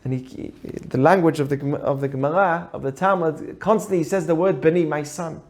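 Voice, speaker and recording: A man teaching through an animated story, acting out the characters as he goes. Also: on the high side, a little fast. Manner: animated, acts out the voices in his stories. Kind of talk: storytelling lesson.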